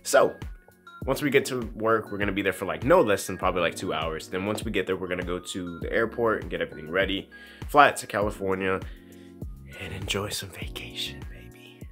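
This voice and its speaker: A man's voice: low-pitched, fast, fairly bright tone, faint music behind. A young man talking in a casual, joking, slangy way as a travel vlogger.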